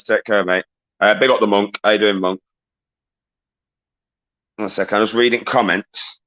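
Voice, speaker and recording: A man's voice: sits low, fairly bright tone, low-quality recording. A man hosting a casual livestream, reading viewers' comments aloud, greeting them and swearing casually.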